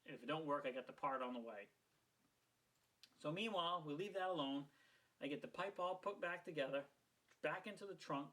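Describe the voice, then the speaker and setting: A man's voice: on the high side, brisk, long pauses, bright, forceful tone, poor audio. A middle-aged man from Maine, casually retelling a plumbing mishap, heated and rambling with plenty of swearing. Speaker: home repair vlogger. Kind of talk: casual storytelling.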